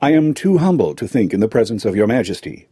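A man's voice: lowish voice, big pitch swings, quick pace, mellow, slightly rough, no room sound, studio quality. A man voicing a clever, wry chief steward to a gnome king, in a storybook reading. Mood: polite. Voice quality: wry, matter-of-fact. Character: clever, dry-witted male steward to a king.

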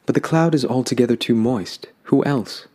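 A man's voice: mid-range voice, normal speed, warm tone, voice pushed up, lightly acted. A man doing a sulky, choosy young man. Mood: weary. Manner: sulky, dismissive. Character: lonely, picky young man.

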